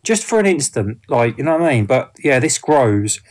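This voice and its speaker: A man's voice: medium pitch, big pitch swings, normal speed, darkish tone. A man giving a casual spoken film review, rambling with many fillers and restarts.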